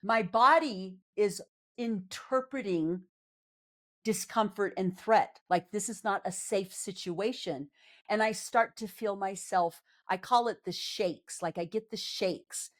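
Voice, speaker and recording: A woman's voice: mid-range voice, takes it slowly, a bit bright. A woman psychologist and life coach speaking in a conversational interview, earnest and candid, with a reassuring way of explaining things. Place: on camera.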